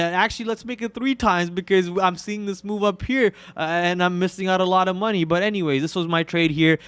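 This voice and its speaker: A man's voice: high voice, a bit bright, smooth, no echo. A man co-hosting a live stock trading show, talking in a rambling way with many fillers and restarts and joking about his own trades. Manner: self-mocking jokes about his trades. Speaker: co-host trader. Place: studio.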